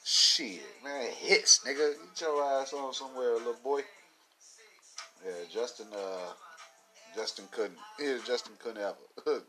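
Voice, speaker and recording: Over soft background music, a man with a medium-pitched, sharp-toned voice speaks a little slowly as a commentator. His monologue is casual and meandering, profane, packed with fillers and punctuated by frequent laughter.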